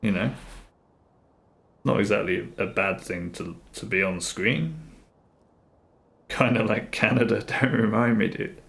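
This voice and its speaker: Earnest rambling man, slightly low voice. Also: unhurried, creaky, pauses often, fairly bright tone. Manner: earnest, rambling, repeats himself. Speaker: live streamer. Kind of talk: casual live-stream chat. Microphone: streaming mic, face off camera.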